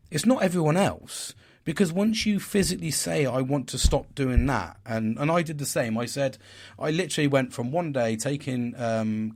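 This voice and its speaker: A man's voice: mid-range voice, a little mellow. Frank, swearing man in his forties. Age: 40s. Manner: frank, rambling, swears freely. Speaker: podcast host. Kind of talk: candid personal talk.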